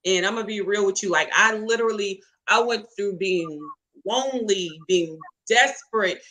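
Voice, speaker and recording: A woman's voice: mid-range voice, normal speed, bright, forceful tone, poor audio. A woman, an interview guest telling her story in an emphatic, preacherly way and calling out to listeners. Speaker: interview guest, catering business owner. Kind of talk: testimony-style storytelling.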